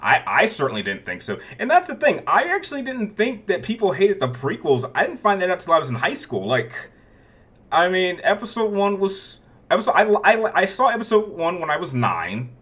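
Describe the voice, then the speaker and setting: Bright-voiced man rambling through viewer questions. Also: high voice, wildly swooping pitch, normal speed, slightly rough. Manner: rambling, many restarts, chuckles between answers. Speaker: YouTube Q&A host. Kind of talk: casual chat answering viewer questions.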